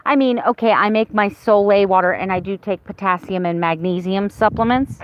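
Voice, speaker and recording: A woman's voice: medium pitch, a little fast, few pauses, highs cut off. A woman in her fifties talking candidly to her viewers in a casual, rambling vlog. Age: 50s. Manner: candid and rambling, with many restarts. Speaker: vlogger. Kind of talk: casual chat to camera.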